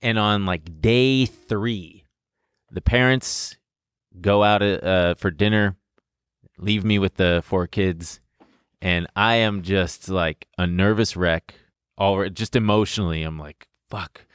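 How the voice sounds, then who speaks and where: A young man with a low, smooth voice recounts a story in relaxed podcast chat. He rambles and laughs at himself as he goes. The sound is dry and close. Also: slow pace, no echo. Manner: rambling, self-deprecating, laughs through his story. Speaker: podcast co-host.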